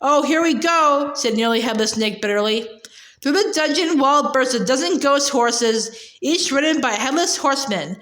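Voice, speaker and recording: A woman's voice: sits high, expressive, normal speed, a bit bright. A woman reading a storybook aloud, sometimes tripping over and repeating words. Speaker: audiobook reader. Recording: echoey room.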